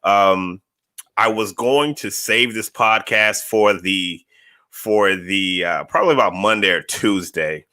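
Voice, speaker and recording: Male podcast host, lowish voice with a forceful edge, loose and chatty, repeats himself for emphasis. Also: takes it slowly. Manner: energetic, conversational, repeats phrases for emphasis. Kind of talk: casual solo podcast monologue.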